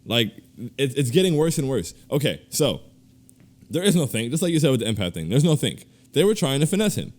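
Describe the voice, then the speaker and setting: A man co-hosting a casual podcast, ranting in animated, slangy bursts and laughing through his complaints. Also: medium pitch, a little fast. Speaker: podcast co-host.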